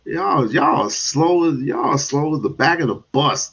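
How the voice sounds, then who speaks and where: A man hosting a livestream, ranting in commentary with sudden loud bursts and chuckles. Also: a little high, expressive, moderate pace, hardly any pauses, slightly rough, poor audio. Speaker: streamer host.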